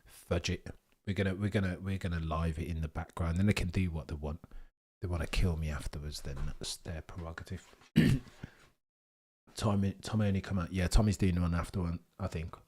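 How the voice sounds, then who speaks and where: British man, young, cheeky banter, live-stream chat, lowish voice. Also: fairly even intonation, fairly quick, darkish tone.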